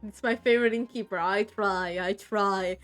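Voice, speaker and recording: A woman streamer giving casual, excitable commentary while playing through a game, laughing often and swearing freely. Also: medium pitch, normal speed, soft background music.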